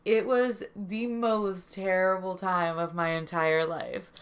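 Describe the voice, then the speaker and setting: A woman's voice: lowish voice, fairly even intonation, slow, clear, resonant tone. A young woman casually telling a storytime tale, chatty and rambling, laughing easily. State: stuffy from a head cold then. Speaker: co-host telling a birth story.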